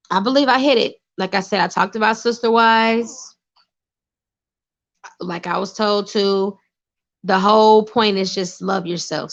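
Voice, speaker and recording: A woman's voice: medium pitch, highs cut off. A woman giving emphatic, preachy advice in casual talk, repeating phrases for emphasis. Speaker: vlogger sharing personal advice. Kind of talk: casual spoken monologue.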